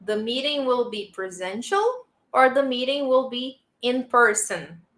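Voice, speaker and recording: Woman English teacher, bright tone, unhurried, repeats sentences for learners, echoey room. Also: on the high side, expressive. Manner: patient, repeats model sentences for the class. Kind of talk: live online English lesson. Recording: roomy echo.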